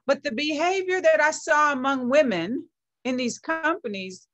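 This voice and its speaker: This founder of a women's movement, middle-aged, speaks as a guest with fervent, motivational energy, repeating phrases to hammer her points. Her voice is high and a touch bright, at a normal speed.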